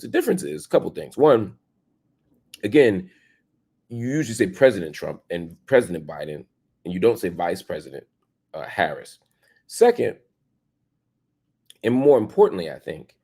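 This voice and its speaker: A low, gravelly man in his forties hosts a commentary show, his husky voice jumping all over in pitch. He argues with rhetorical questions, rising loud, then dropping soft and quiet. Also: big pitch swings, normal speed, pauses often. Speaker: show host. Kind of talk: opinionated commentary monologue.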